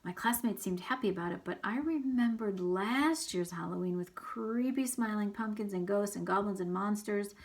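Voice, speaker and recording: A woman teacher reading a chapter book aloud to her students, animated, with hushed whispered asides. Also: medium pitch, moderate pace, few pauses, slight background noise.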